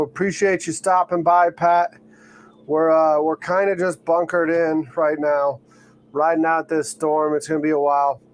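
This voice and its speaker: A man with a slightly raised pitch hosts a casual live stream from a boat, sleepy and yawning as he talks. He rambles easily and answers viewers by name. Faint background noise sits under his voice. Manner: rambling, relaxed, reads out chat names. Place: on a boat during a storm.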